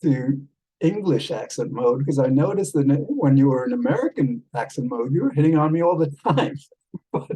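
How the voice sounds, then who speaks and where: A man chatting casually with an AI companion as a vlog host, rambling and halting with many fillers, tender with pet names. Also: medium pitch, mellow, breathy edge, poor audio. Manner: tender, calls the listener love and darling.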